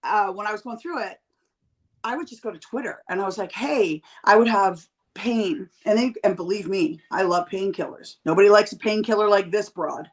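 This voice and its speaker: A woman in her fifties chats with blunt, profane humor. She tells stories animatedly, jumping into quoted voices, and her voice sits in a middle pitch. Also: moderate pace, low-quality recording. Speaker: podcast guest. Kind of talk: candid casual chat.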